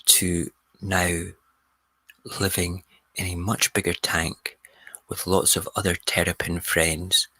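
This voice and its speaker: A man hosting a radio show, telling a story in a casual, animated way. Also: deep voice, slightly rough, no room sound. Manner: animated storyteller, mimics people. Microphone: close studio mic.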